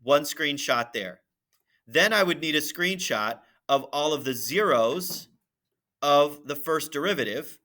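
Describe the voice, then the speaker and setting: Man, math teacher, screen-recorded lesson, conversational, bright tone. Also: a little high. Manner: conversational, thinking aloud with frequent "right?" and "okay?".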